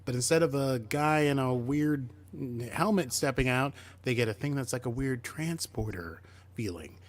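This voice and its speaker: A man's voice: mid-range voice, moderate pace. A man co-hosting a podcast, chatting casually as he retells a TV episode and acts out bits of the characters' lines. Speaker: podcast co-host. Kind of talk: casual chat recapping a TV episode.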